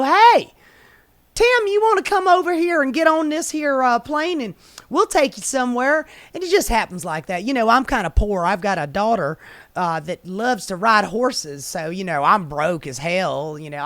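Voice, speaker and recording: A man's voice: high voice, bright, forceful tone, no room sound. A man doing a folksy play-dumb congressman. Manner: folksy drawl, mock innocent. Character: folksy southern male congressman, playing dumb.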